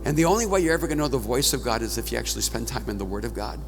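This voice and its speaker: A male pastor telling a story in his sermon, conversational and dramatic, moving between loud and hushed passages. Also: medium pitch, lively intonation, racing. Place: large church auditorium at a conference. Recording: reverberant hall, faint music.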